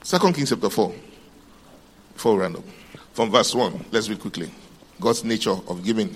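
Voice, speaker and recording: Preacher man with a lively, swinging delivery. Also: on the low side, moderate pace, pauses often, breathy edge. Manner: reads scripture aloud in old-fashioned wording. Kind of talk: sermon.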